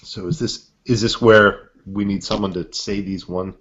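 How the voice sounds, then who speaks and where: A man's voice: fairly low pitch, fairly even intonation, moderate pace, fairly bright tone, slight background noise. A man co-hosting a podcast in casual, playful, teasing chat. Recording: dull lo-fi audio.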